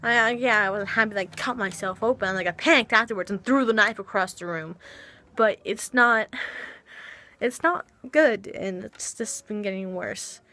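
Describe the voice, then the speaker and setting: A woman's voice: mid-range voice, moderate pace, bright, forceful tone. A young woman talking hesitantly in a confessional vlog, with many restarts and sighs. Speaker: vlogger. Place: home.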